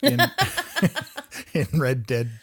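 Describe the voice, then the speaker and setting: A man's voice: medium pitch, huge pitch swings, very slow, gravelly, fairly bright tone. A man co-hosting a podcast in casual chat, easygoing, with dry asides and frequent backchannels. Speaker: podcast co-host.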